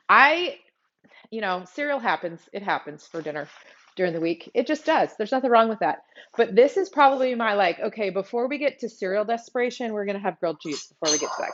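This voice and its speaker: A woman's voice: medium pitch, lo-fi sound. Chatty Texas woman hosting a cooking show. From South Texas. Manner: chatty, talks straight to viewers. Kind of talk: live-streamed cooking demo. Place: home kitchen.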